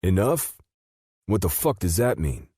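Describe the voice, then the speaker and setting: A man's voice: sits low, big pitch swings, unhurried, warm tone, slightly rough, dry recording, studio quality, voice pushed up, full character voice. A male narrator voicing a hostile, sneering young man in a taunting, combative way, in an audiobook.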